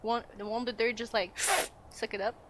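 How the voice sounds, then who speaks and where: A woman's voice: a little high, fairly even intonation, measured pace, heavy background noise. A woman playing a tabletop role-playing game, talking playfully and laughing often. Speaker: player. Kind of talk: in-character scene and table talk.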